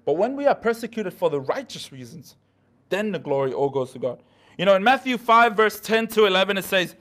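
A man's voice: high-pitched, fairly bright tone. A man preaching a midweek sermon in a church, talking casually with slang and asides.

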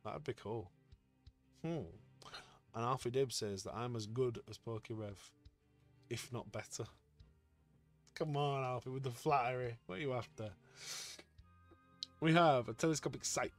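Excitable man live-streaming. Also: mid-range voice, unhurried, long pauses, faint music behind. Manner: excitable, chatty, talks to chat. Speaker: streamer opening card packs. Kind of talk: casual live-stream chat.

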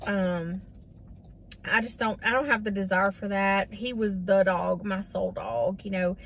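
A woman's voice: mid-range voice, steady tone, measured pace, fairly bright tone, slight background noise. A woman, talking casually and sadly to her viewers in a rambling vlog. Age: 40s. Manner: grieving, rambling, addresses viewers as y'all. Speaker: vlogger. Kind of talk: casual chat.

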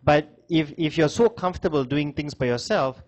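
A man's voice: fairly high pitch, moderate pace. Conversational male lecturer. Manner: conversational, many fillers, repeats himself. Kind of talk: classroom lecture with storytelling.

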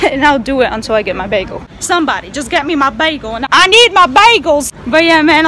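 A woman with a high, bright-sounding pitch talks in a casual, jokey vlog style, breaking into loud exclamations. She is filming herself outdoors on a busy street. Heavy traffic noise and honking run under her voice. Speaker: vlogger. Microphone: handheld camera filming herself.

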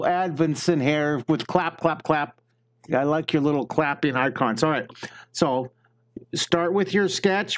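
A man giving a live drawing lesson, chatting with and greeting viewers while he talks through each step. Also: fairly high pitch. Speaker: drawing teacher.

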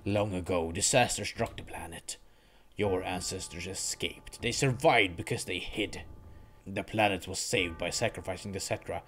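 Sephiroth, a man voicing a cold, low villain. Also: fairly bright tone, a little hiss or hum. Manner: slow, low, measured delivery. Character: cold, calm, menacing male villain swordsman. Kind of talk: reading game dialogue aloud.

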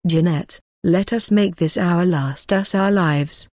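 Woman voicing an effusive young man in love, audiobook read, lowish voice, dry close sound. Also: slow, a little mellow, dry recording. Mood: ardent. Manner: effusive, poetic declarations.

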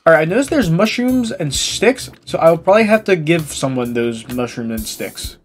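A woman's voice: low voice, animated, normal speed, a little hiss or hum. A woman giving gameplay commentary in a crude, joking, self-mocking way. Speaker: gaming video creator.

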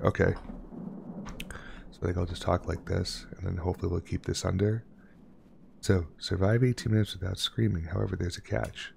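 Gravelly low-voiced male streamer. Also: level tone, a little fast, long pauses, slight background noise. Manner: jokey, reads on-screen text aloud, drops to a hush. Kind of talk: casual gameplay commentary.

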